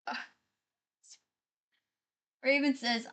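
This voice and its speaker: A woman streamer talking to her live chat in a loose, casual way. Her voice sits a bit high for a woman, and she keeps apologizing and reading viewers' messages out loud. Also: unhurried, a little hiss or hum. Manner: chatty, apologetic, reads chat aloud.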